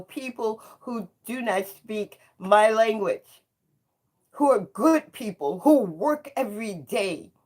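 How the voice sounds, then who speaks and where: Older woman in her 70s, slow deliberate delivery, emphatic and preacher-like, repeats lines for weight. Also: mid-range voice. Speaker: host. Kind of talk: impassioned livestream monologue.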